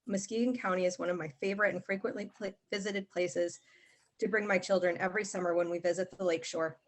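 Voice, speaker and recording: A woman's voice: lowish voice, steady tone, quick pace. A woman calling in to a public meeting, earnestly reading a prepared statement. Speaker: caller. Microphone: call-in line.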